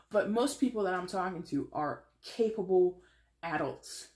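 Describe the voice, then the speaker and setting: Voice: mid-range voice, roomy sound. A tarot reader from the States giving a blunt, tough-love reading with a sarcastic edge. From United States. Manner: sarcastic, mimics whiners.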